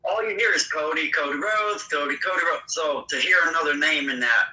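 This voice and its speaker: A man chatting casually on a podcast, his voice a touch high and very bright. He talks in a relaxed, offhand way. The sound is roomy and picked up from some distance. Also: brisk, slight background noise. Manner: relaxed, offhand opinions with fillers. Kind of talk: casual recap chat.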